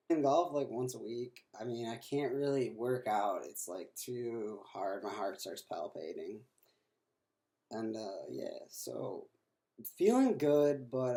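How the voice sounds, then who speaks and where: A man's voice: fairly low pitch, warm tone. A man in his twenties talking in a rambling video diary, full of fillers and restarts, sounding worn out. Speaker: vlogger.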